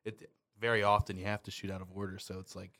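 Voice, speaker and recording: Low-ish voiced podcast guy, casual, swears a lot, laughs easy. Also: flat delivery, fast, sharp tone. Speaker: podcast co-host. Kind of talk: casual chat.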